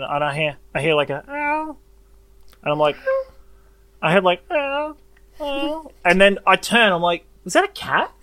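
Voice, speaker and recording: A young man, co-hosting a casual podcast and telling a story with lively acted-out voices. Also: fairly high pitch, no echo. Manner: animated storyteller, acts out voices and meows. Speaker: podcast co-host. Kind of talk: casual chat.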